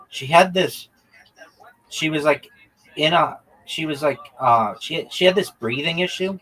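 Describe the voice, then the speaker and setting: A man's voice: mid-range voice, fairly bright tone, rough recording. A man livestreaming a game, teasing and swearing at his teammates and telling chatty stories in which he acts out both sides of a conversation. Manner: profane, teasing banter with teammates; chatty storytelling, acting out quoted exchanges. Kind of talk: casual gaming livestream chat.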